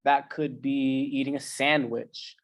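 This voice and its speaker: A man's voice: mid-range voice, level tone, slow pace, a bit bright. A man who is a coach giving a casual, conversational talk in slangy everyday language. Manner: conversational and slangy, with many fillers. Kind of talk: casual presentation.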